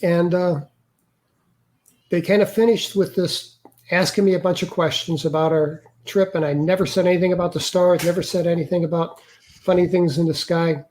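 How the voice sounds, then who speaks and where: An older man, an interview guest, earnestly recounting a personal experience in a halting way with many restarts. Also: sits high, fairly even intonation, darkish tone. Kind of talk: personal storytelling.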